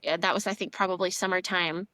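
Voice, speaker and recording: A young woman from Houston telling a personal story as a podcast guest, animated and full of fillers. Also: fairly low pitch, quick pace, no room sound. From Houston, Texas. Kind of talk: casual conversational testimony.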